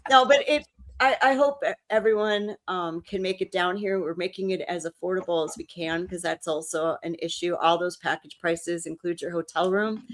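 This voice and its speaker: A woman's voice: lowish voice, steady tone, moderate pace. A woman co-hosting a paranormal talk show, chatting casually and telling stories with emotion and frequent restarts. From New Orleans. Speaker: co-host. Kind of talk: casual chat.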